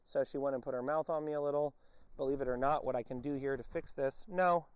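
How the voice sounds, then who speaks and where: A man's voice: medium pitch, level tone, fast, darkish tone, clean tone, dry recording. A man working as a dog trainer, explaining his methods to viewers while giving a dog short, firm commands during a training session outdoors. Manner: addresses viewers directly as folks.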